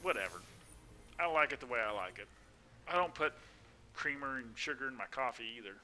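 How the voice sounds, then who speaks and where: A man's voice: mid-range voice, expressive, fairly quick, bright, forceful tone, a little hiss or hum. A man chatting casually and laughing often while live-streaming a game.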